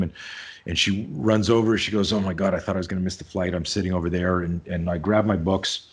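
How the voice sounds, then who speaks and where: A man in his fifties, a self-defense teacher and podcast guest, telling an animated story, acting out the dialogue and swearing freely. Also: low voice, breathy edge.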